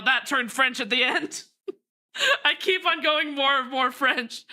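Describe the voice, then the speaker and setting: A woman's voice: high voice, takes it slowly, pauses often, sharp tone. A young woman streaming a game, laughing often, swearing, and making fun of herself. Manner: giggly, swears a lot, self-mocking. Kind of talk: casual game stream commentary.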